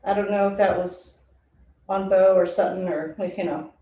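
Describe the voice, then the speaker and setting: A woman's voice: mid-range voice, steady tone, normal speed, warm tone. A woman streaming a casual live football reaction, chatty and rambling, who laughs often. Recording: roomy, distant mic.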